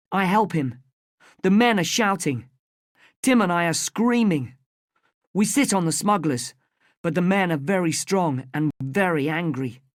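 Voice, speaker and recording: Slow, careful woman narrating a story. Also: fairly low pitch, no room sound, clean studio sound. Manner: clear, careful, evenly paced first-person telling.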